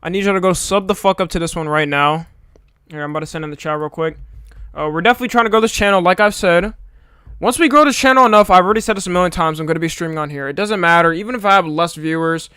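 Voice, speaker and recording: Laid-back young male streamer, clear dry voice. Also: high-pitched, fast talker, pushed and bright, dry recording. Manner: laid-back, swears freely, rattles off viewer greetings. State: a little tired. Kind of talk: casual live-stream chat.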